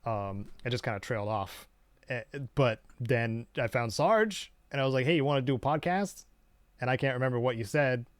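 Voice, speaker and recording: A man co-hosts a casual gaming podcast, rambling along in a relaxed way and often trailing off mid-thought. His mid-pitched voice sits on a dry, close recording with no room sound. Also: moderate pace, clear, resonant tone, no echo. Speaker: podcast co-host.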